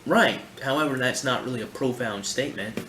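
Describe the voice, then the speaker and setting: A man hosting a casual video commentary, talking in a rambling, animated way with lots of fillers and asides to his viewers. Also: mid-range voice, moderate pace. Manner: rambling, animated, heavy on fillers like "you know" and "my friend". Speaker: channel host reacting to videos. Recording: echoey room with faint noise.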